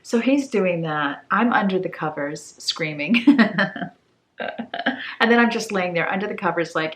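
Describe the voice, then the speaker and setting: A woman from tells a home story in a relaxed vlog. Her voice sits on the lower side for a woman. She slips into the voices of the people she quotes and sounds a little tired. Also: unhurried, pauses often. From Maine. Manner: animated storyteller who acts out quoted voices. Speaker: home declutter vlogger.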